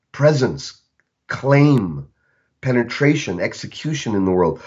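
A man who works as a coach, speaking on a podcast in a reflective, storytelling way and slowing down on key words. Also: mid-range voice. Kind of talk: casual podcast conversation. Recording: dull lo-fi recording.

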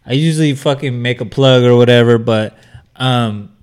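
A man's voice: medium pitch, normal speed, a little mellow, smooth. A tipsy man hosting a podcast, talking loosely with swearing in casual chat. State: tipsy from drinking. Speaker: podcast host.

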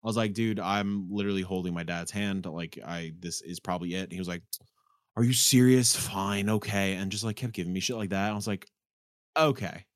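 Male, very low pitch, dry close sound, casual swearing storyteller. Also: steady tone, brisk, smooth, no room sound. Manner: profane, rambling storyteller. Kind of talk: casual chat.

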